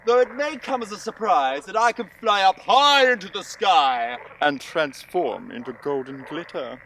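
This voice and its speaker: This is a conceited talking firework rocket in a storybook audio drama, and it brags about itself with great theatrical flair. A man acts it out with a fairly high voice that leaps all over the place. A faint hiss lies underneath. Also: expressive, normal speed, bright, forceful tone, heavily acted, rough recording. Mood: haughty. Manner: pompous, bragging, theatrical. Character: boastful self-important firework rocket, male.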